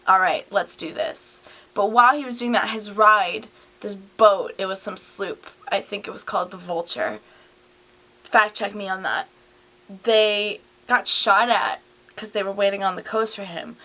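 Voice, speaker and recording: In a sharp, mid-range voice, a drunk young woman tells a history story at home while someone films on a handheld camera. She rambles casually, giggles, swears, and slips into slurred asides.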